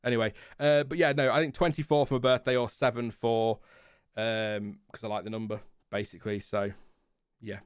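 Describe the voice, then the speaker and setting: A man in his thirties chats loosely on a live stream, rambling and poking fun at himself with little chuckles. His voice is smooth and resonant, and it sits close and dry on the mic with no room sound. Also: medium pitch, flat delivery, moderate pace, no room sound. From Lincolnshire, England. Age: 30s. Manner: rambling, self-deprecating, chuckles often. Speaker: F1 channel host. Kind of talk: casual live-stream chat answering viewers.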